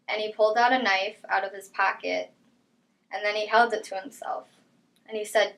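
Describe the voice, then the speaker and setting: A young woman speaks in an interview, recounting a personal story. Her voice sits at an ordinary mid pitch. She talks quietly and haltingly, often letting her phrases trail away. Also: steady tone, rough recording. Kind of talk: personal testimony.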